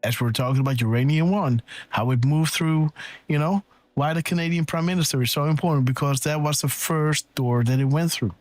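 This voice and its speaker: Excitable rambling male streamer. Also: a little high, a little fast, no room sound. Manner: excitable and rambling, thinks aloud with frequent "right?" and "okay". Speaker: host of a live decode show. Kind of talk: casual live-stream commentary.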